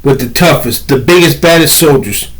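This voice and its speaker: A man's voice: a little high, animated, normal speed, rough recording. A middle-aged man in a rambling vlog monologue, ranting bitterly and wishfully. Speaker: vlogger.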